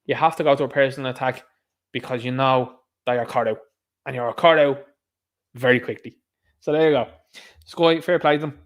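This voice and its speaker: This online commentator, a man from Ireland with an Irish accent, talks solo to camera in a sarcastic, scoffing way and imitates others in mocking voices. He speaks at normal speed in a mid-range, fairly even voice, pausing often.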